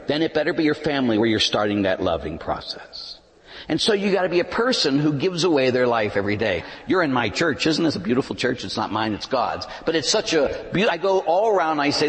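A male pastor delivers a sermon with a very lively, rising-and-falling voice, pitched a little higher than most men. He swings from emphatic peaks down to near-hushed lines. The sound carries a long church reverb. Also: brisk. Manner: animated preaching that swings from loud emphatic to hushed.

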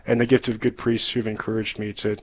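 A young man, a seminarian guest on a radio talk show, telling his story in an earnest, reflective way with soft laughs. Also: on the low side, little pitch movement, a little fast, low-quality recording. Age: young adult. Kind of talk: radio interview testimony.

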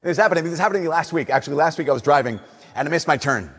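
A man preaching a conversational sermon, telling stories and slowing down softly on his key points. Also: fairly high pitch, lively intonation, breathy edge, big-room sound.

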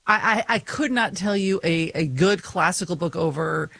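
A woman's voice: fairly low pitch, moderate pace, gravelly, a bit bright, no echo. A woman co-hosting a podcast, chatting casually and telling stories with frequent laughs. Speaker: podcast co-host. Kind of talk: casual chat.

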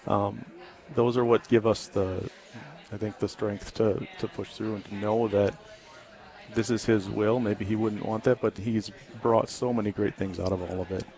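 A man answers questions as a guest on a talk radio show. He speaks earnestly but haltingly, with frequent ums and restarts, and his voice sits somewhat low. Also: steady tone, darkish tone. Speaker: guest, ministry founder.

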